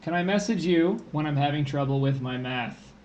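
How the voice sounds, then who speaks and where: A man's voice: a little high, moderate pace, a little mellow, highs cut off. A young man tutoring test prep on a casual livestream, joking and theatrical. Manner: playful, jokey, theatrical. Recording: echoey room, faint background noise.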